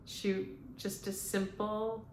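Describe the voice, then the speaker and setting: A woman speaking as a spiritual medium, relaying messages to viewers in a halting monologue full of "um"s. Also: mid-range voice, flat delivery, a little mellow, slight background noise. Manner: halting, frequent "um" fillers. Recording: echoey room.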